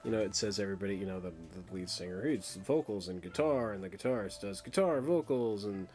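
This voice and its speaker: A man's voice: on the low side, lively intonation, fast, darkish tone, faint music behind. A man hosting his own record collection vlog, rambling in casual, crude, joking chat that trails off into mumbles.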